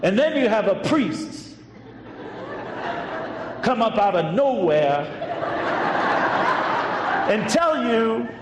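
A fervent older Southern woman , as a priest puts her on, coaxing her friend to see she is blessed. The voice sits a little high and rings through a long echoey hall, with faint noise underneath.

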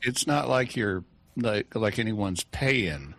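A man answering listener questions on a talk show, measured and precise, with a dry wit. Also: on the low side, expressive, gravelly, fairly bright tone, no room sound. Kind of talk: explanatory talk.

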